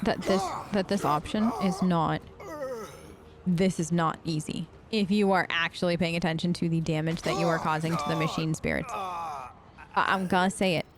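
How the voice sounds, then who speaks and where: A woman's voice: lowish voice, fairly even intonation, moderate pace, noisy background. A woman hosting a let's play, chatting casually and reading game text aloud with restarts and asides.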